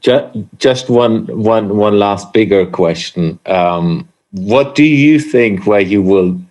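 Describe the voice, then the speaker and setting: A man hosting a podcast, German his first language, asking questions in a friendly, halting way and repeating words. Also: fairly low pitch, darkish tone. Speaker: podcast host. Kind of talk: casual interview.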